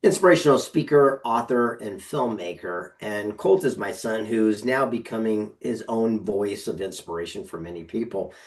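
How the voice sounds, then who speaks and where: A man's voice: lowish voice, normal speed, few pauses. A middle-aged man from San Diego, an inspirational speaker telling stories animatedly on a video call, with frequent restarts. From San Diego, California. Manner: animated storytelling with repeated starts. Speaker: guest speaker. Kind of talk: casual video call chat.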